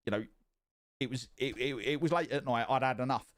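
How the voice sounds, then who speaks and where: A man casually telling a story on his stream, swearing often and getting more and more animated. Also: mid-range voice, brisk. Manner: profane and animated, rising excitement.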